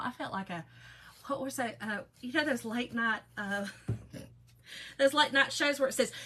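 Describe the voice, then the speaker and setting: A woman's voice: a little high, sharp tone, slight background noise, rough recording. A middle-aged woman, hosting a casual craft livestream in a folksy, chatty way and greeting viewers by name.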